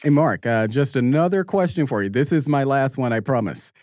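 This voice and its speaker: A man's voice: mid-range voice, fairly quick, a little mellow, no echo, clean studio sound. A man co-hosting a talk show who asks a guest questions in a friendly, apologetic way. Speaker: co-host.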